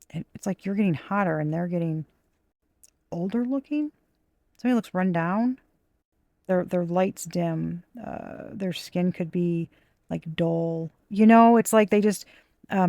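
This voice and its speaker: Gravelly, blunt, profane tarot reader woman. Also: on the low side, warm tone, no room sound. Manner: blunt and profane, frustrated asides. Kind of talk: casual tarot reading.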